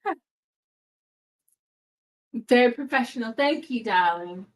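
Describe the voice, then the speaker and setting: A woman with a slightly high voice chats casually as she hosts a live movie watch party. Her commentary is playful and full of slang. She sounds tired from an early start. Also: animated, slow pace. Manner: chatty and playful, with slangy asides.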